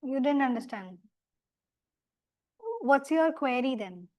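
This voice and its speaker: A woman with an Indian English accent runs a vocabulary class in a small classroom. Her voice sits high, and her delivery is brisk and corrective. She slips between Hindi and English as she explains. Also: animated, warm tone. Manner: brisk, mixes Hindi and English, scolds sleepy students. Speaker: English teacher.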